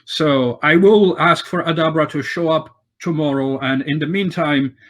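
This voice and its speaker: A man's voice: a little high, normal speed, lightly acted. A man voicing a fussy, pompous older male town master who blusters and gets touchy about his authority. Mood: blustering. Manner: blustering, self-important.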